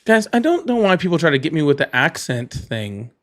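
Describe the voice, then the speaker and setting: Blunt, slightly high-voiced livestream host. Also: male voice, sing-song, a bit bright. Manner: blunt, argumentative, quick to interrupt. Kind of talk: live political call-in chat.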